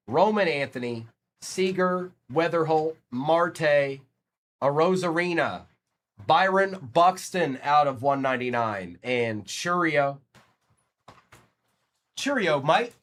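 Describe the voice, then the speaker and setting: A man's voice: on the high side, a bit bright. A man from Virginia hosting a live card break stream, rattling off player names and chatting with viewers between pulls.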